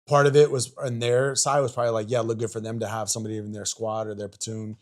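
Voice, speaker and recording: A man's voice: lowish voice, little pitch movement, fast. A man in his forties, a podcast guest and army veteran, telling stories in a rambling, profane way with lots of fillers and restarts. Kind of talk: casual storytelling chat.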